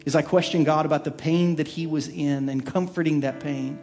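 A man preaching from the pulpit, earnest and heartfelt, his voice sitting a touch higher than most men's. He often drops into a hushed, soft tone. A faint instrumental bed plays quietly underneath. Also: fairly even intonation, a little fast, faint music behind. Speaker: pastor. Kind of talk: sermon with personal story.

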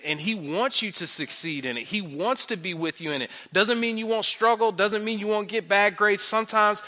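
Man preaching, thirties, bright forceful tone, slightly high voice, casual filler-heavy sermon. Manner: conversational, uses many fillers like "like"; animated, repeats phrases for emphasis. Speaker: pastor.

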